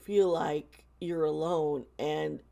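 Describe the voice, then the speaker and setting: In a casual vlog, a woman who hosts a tarot channel speaks to her viewers in a low, gravelly, warm voice. She talks slowly and earnestly with a steady tone, often pausing, hesitating and restarting her sentences.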